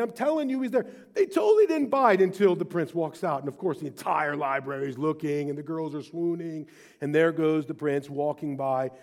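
Animated high-voiced male preacher. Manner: storytelling, animated, emphatic. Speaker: pastor. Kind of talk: sermon.

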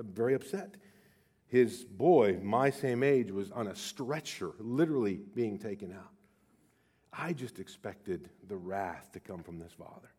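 A middle-aged man giving a sermon, telling a personal story and dropping from emphatic to hushed. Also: medium pitch. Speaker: pastor.

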